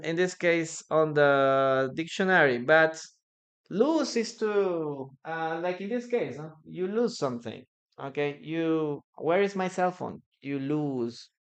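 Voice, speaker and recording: An English teacher who speaks Spanish natively, giving a live online lesson, explaining slowly with frequent hesitations and repeated phrases. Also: mid-range voice.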